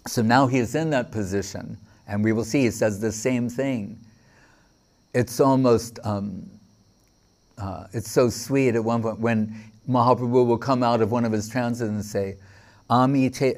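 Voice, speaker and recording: A man's voice: medium pitch, normal speed, darkish tone. A man giving a devotional lecture, telling stories with quoted dialogue and frequent fillers. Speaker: spiritual teacher.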